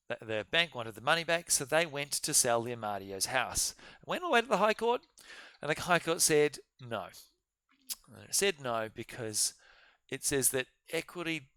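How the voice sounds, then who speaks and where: A man's voice: medium pitch, sharp tone, no room sound. A man giving an informal, live-streamed business law seminar, telling case stories in a chatty way and talking straight to his students. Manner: chatty storytelling, addresses students directly.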